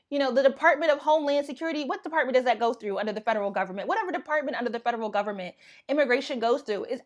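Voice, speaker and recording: A young American woman giving casual livestream commentary, thinking out loud with lots of fillers and restarts. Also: high-pitched. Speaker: YouTube commentator.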